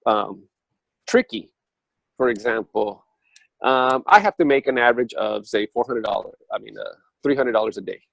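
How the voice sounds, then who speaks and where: A man's voice: creaky, dry recording, poor audio. A man in casual spiritual talk, telling his story conversationally with many fillers and restarts, his voice jumping up sharply when he gets worked up. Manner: animated storytelling with sudden jumps up in pitch. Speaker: speaker on a spiritual talk show.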